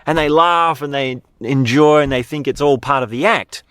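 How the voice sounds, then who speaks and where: A man's voice: on the high side, moderate pace, a bit bright, no echo, studio quality. A man with an Australian accent hosting a podcast in a casual, conversational monologue, often tagging sentences with questions. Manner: conversational, frequent "right?" tag questions. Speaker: podcast host.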